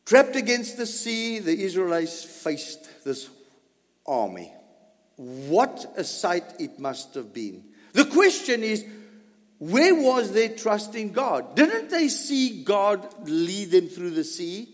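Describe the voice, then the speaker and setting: A man preaching a sermon, swinging between loud emphasis and soft asides. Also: sits high, big pitch swings, takes it slowly. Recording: long hall reverb.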